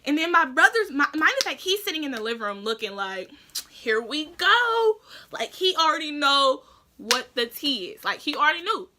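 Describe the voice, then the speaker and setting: A woman's voice: high voice, a little fast, a little hiss or hum. A young woman telling a story to camera in a casual vlog, acting out her family's lines and often saying "like" and "that's that". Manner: animated storytelling, acts out quoted family voices; frequent "like" and "that's that" fillers. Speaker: vlogger.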